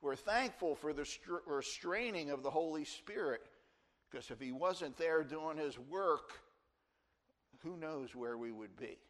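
A man's voice: on the high side, lively intonation, unhurried, a bit bright. A pastor in his sixties from New Jersey, preaching an earnest sermon and leaning hard on key words. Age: 60s. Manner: earnest, emphatic preaching with rising stresses.

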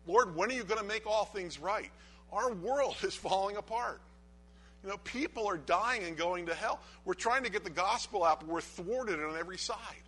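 A man preaching a sermon, reading scripture aloud and dropping to a hushed, low voice for the verses, then rising to loud urging, with frequent restarts. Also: slight background noise.

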